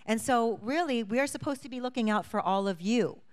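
A young adult woman from Hawaii who serves as a state lawmaker speaks as a guest at church, sharing her testimony with the congregation. She tells it earnestly, acting out the quotes, in a slightly high voice at a somewhat fast pace.

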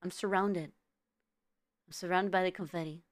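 A woman's voice: fairly low pitch, fairly even intonation, normal speed, no room sound. A woman streamer chatting casually with her viewers, giggling often and stumbling over repeated words.

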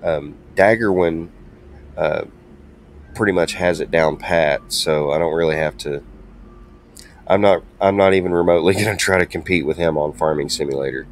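Deep voiced guy rambling over a truck sim, lots of ums, faint game noise. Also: moderate pace. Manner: hesitant, many ums and restarts, chatty. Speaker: gaming channel host. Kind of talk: casual gameplay commentary.

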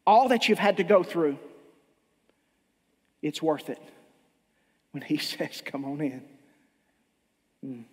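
Passionate male pastor, high, very animated delivery, husky edge, long church reverb. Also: slow pace, long pauses. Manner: impassioned, emphatic, repeats and restarts. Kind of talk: sermon.

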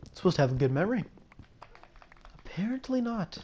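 A man's voice: sits high, sing-song, fairly quick, a little mellow. A young man giving casual gameplay commentary, rambling and musing aloud, often stopping and restarting his sentences. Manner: rambling, musing, self-interrupting. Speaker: gameplay video host.

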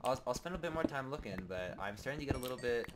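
A man giving goofy, rambling, mock-dramatic commentary while playing a video game, with sudden bursts of shouting. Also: mid-range voice, expressive, racing. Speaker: gaming video host. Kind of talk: comedic Let's Play commentary. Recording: noisy home recording with keyboard clicks.

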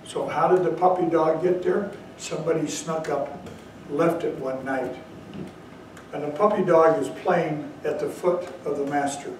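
A man's voice: on the high side, steady tone, slight background noise. Echoey, distant Zen teacher man. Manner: storytelling, slow emphatic asides. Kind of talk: dharma talk. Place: meditation hall. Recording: very echoey room, far from mic.

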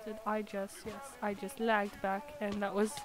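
A woman streaming a game from home, chatty and giggly, sounding tired with her voice going hoarse. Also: medium pitch, completely flat delivery, moderate pace, over music. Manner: chatty, giggly, self-mocking. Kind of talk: casual live gaming commentary.

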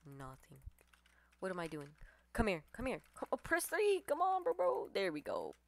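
A woman calls out her match as she plays, excitable and foul-mouthed, her pitch leaping all over the place. She trash-talks opponents between groans. The sound is close and dry, with no room around it. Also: moderate pace, no room sound. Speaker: gamer streamer. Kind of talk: live gameplay commentary.

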